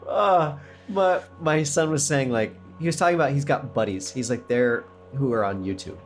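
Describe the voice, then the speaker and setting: A middle-aged man co-hosting a podcast, chatting casually and telling stories with quick asides and laughs. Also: mid-range voice, soft background music. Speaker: podcast co-host. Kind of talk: casual chat.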